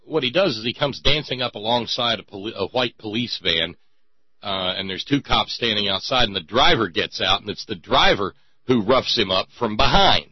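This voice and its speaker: A man's voice: fairly low pitch, animated, moderate pace, breathy edge, no room sound, lo-fi sound. A man hosting a talk radio show, giving sarcastic commentary with sighs and stammered repeats.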